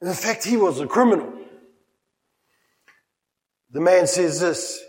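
Slow-speaking New pastor. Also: male voice, high-pitched, animated, big-room sound, poor audio. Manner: emphatic, with playful humorous asides. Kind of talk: sermon. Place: church.

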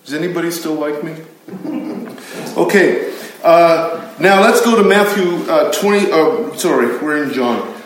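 A man's voice: a little high, expressive, unhurried, slight background noise. A man preaching a conversational sermon, emphatic and chatty, with asides to his listeners. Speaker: pastor teaching a Bible study. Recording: very echoey room.

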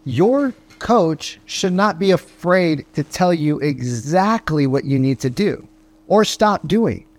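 A man's voice: a little high, animated. A man talking as a sales coach, firing off rhetorical questions and tagging his points with "right?". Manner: punchy rhetorical questions, frequent "right?" tags; acts out phone calls in quick voices. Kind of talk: motivational podcast monologue.

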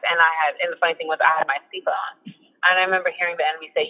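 Man, earnest halting testimony, nervous laughs, tinny phone audio. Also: a little high, flat delivery, big-room sound. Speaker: guest sharing testimony. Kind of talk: emotional personal testimony.

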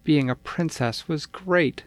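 A man voicing an excited little girl who is a princess, speaking in a raised, eager voice. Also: on the high side, takes it slowly, no room sound, pitched above the performer's own voice. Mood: delighted.

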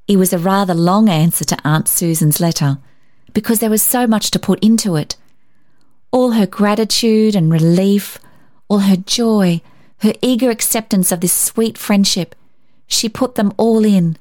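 A woman reading an old-fashioned story aloud in a gentle, measured voice. She sits at a middling pitch for a woman and keeps the telling smooth and expressive. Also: no echo, clean studio sound. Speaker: story reader. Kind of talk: storybook narration.

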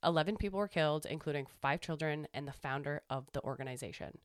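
A woman's voice: low voice, quick pace, dry recording, clean studio sound. A woman podcast host who interviews her guest and reads out a short factual passage in a firm, plain way. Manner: brief backchannels, then a firm, plainly read account. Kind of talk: casual interview, reading a prepared passage.

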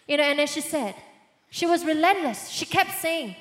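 High-voiced woman pastor in an echoey hall. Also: moderate pace. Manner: animated storytelling, swings between loud bursts and hushed lines. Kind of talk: sermon testimony.

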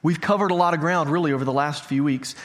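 A man in his late thirties gives a sermon in a relaxed, conversational tone. His voice sits a little high, and he often turns to the congregation with questions. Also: fast. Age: 30s. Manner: conversational, asks the audience questions. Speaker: pastor. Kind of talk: sermon with personal story. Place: church hall before a congregation.

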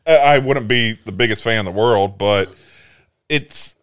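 A man's voice: lowish voice, a little slow, fairly bright tone, clear, resonant tone, no echo, studio quality. A man co-hosting a podcast, teasing his friends and swearing in a loose, casual way. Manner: teasing, profane, laughing. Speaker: podcast co-host. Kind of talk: casual chat.

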